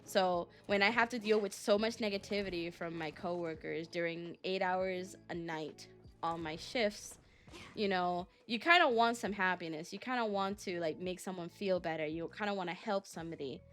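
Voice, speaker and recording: A woman's voice: on the low side, steady tone, moderate pace, a bit bright, faint music behind. Chatty young woman streamer, rambling. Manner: rambling storytelling with frequent fillers and laughs. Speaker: VTuber streamer. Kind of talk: casual chat to stream chat.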